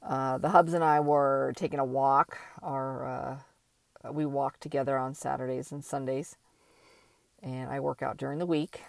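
An older woman talking slowly and thoughtfully in a reflective personal monologue, with many pauses and fillers. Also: a bass voice, fairly even intonation, creaky, no echo.

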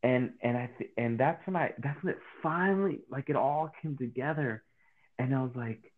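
A man telling a personal faith story in a casual interview, animated and full of restarts. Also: medium pitch, brisk, slightly rough. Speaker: guest. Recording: tinny phone-like line.

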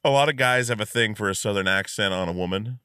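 A man hosting a podcast, chatting and telling stories in an animated way with many fillers. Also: lowish voice, quick pace, smooth, no echo, studio quality. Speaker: podcast host. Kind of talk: casual chat.

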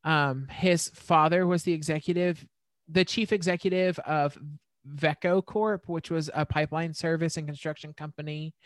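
A woman's voice: low-pitched, steady tone, moderate pace, dry recording. A woman co-hosting a podcast, recounting a case in casual chat with frequent fillers. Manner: storytelling with many fillers and restarts. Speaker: podcast co-host.

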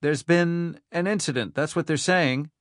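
A man voicing a calm, careful male caregiver who speaks in a measured, concerned way. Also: a little high, no echo, clean studio sound, voice pushed up, lightly acted.

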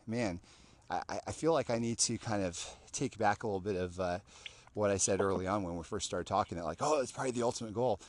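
Guy hosting a podcast, kinda low voice, lots of ums and restarts, just chatting. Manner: rambling, lots of fillers and restarts. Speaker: podcast host. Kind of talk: casual interview chat.

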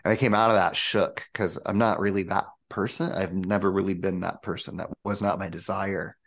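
A man being interviewed as a spiritual coach, telling a personal story in a casual, animated way and acting out the voices he quotes. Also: low-pitched, fairly quick, creaky. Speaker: guest, spiritual coach and channel.

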